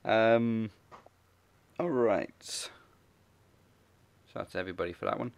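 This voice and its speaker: A man's voice: on the low side, takes it slowly, vocal fry. A man hosting a casual wrestling podcast, often laughing as he runs through the list of picks. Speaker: podcast host.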